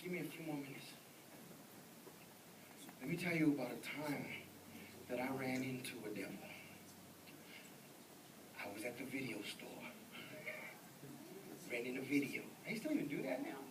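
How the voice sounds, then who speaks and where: A male evangelist preaching with a story, animated, breaking into shouts and acting out voices. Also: mid-range voice, moderate pace, pauses often, background noise. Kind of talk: storytelling sermon. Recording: echoey church sound from a distance.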